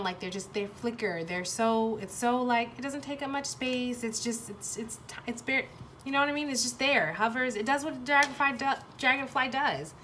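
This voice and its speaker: Woman tarot reader, halting, self-correcting delivery, blunt and profane, mid-pitched, slight background noise. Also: a bit bright. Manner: halting, restarts often, searching for words; blunt, swears freely. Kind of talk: pick-a-card tarot reading, thinking aloud.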